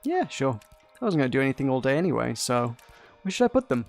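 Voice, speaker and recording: A man's voice: medium pitch, very animated, quick pace, vocal fry, soft background music. A man reading the lines of an easygoing, cheeky young woman character from a narrative game, in a casual read-aloud manner.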